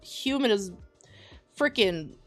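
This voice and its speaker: A woman's voice: medium pitch, expressive, takes it slowly, soft background music. A woman hosting a livestream, chatting casually in a rambling, joking, slangy way. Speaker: livestream host and artist.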